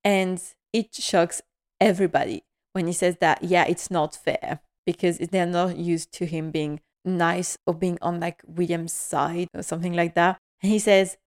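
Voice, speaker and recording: A woman hosts a podcast and recaps a drama episode in casual chat. She talks quickly and with feeling, in a slightly low voice. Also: steady tone. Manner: emotional, quick, heartfelt. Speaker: podcast host.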